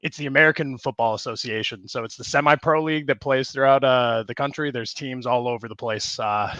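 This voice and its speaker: A man's voice: mid-range voice, fairly quick, sharp tone, dry recording, muffled recording. A man calling in to a sports show, talking casually and hesitantly with many fillers. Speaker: caller. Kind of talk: casual call-in chat.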